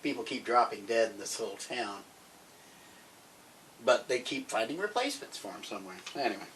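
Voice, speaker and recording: A man's voice: mid-range voice, fairly quick. Chatty man on a distant mic. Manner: chatty, rambling, grows excited. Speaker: podcast co-host. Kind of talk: casual chat recommending TV shows. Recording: distant mic, faint background noise.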